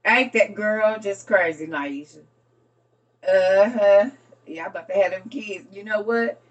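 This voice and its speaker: A woman, chatting casually with her live stream viewers and talking to them as y'all. She gets excitable, breaks into laughter and has a young son. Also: mid-range voice, slow pace, pauses often, recorded from a distance, muffled recording. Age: adult with a young son.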